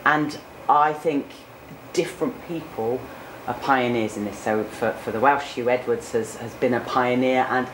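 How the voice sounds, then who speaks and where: A woman from Cornwall in her forties, a news presenter, responds to interview questions candidly and conversationally, with filler words. Her bass voice moves at a measured pace with fairly even intonation, and the recording has echo and noticeable background noise.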